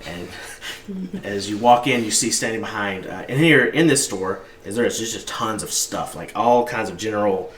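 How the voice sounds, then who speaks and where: Rambling low-voiced game master. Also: male voice, expressive, normal speed, fairly bright tone. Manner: loose, rambling, filler-heavy description. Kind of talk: narrating a tabletop game. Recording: roomy, distant mic, background noise.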